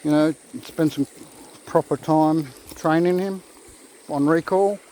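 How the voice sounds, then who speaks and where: A rambling, chatty man, his voice sitting a little high, filming himself on a phone by a creek. Faint outdoor nature sounds hiss softly behind him. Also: steady tone, slow, poor audio. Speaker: vlogger. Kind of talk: casual outdoor vlog. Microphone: phone camera. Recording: faint outdoor background noise.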